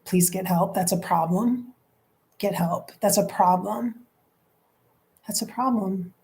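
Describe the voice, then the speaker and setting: A woman's voice: medium pitch, slow, dark tone. A woman psychic medium on a live stream, relaying messages emotionally and dropping into whispered asides. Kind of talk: live-stream channeling session.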